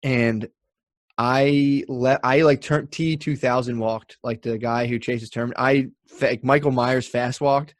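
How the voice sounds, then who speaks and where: A man, a comedian hosting a podcast, telling a profane, animated story in casual chat and acting out the people in it. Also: mid-range voice, unhurried, no room sound, clean studio sound.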